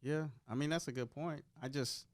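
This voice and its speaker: A man giving measured, reflective explanations in a casual podcast discussion. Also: a little high.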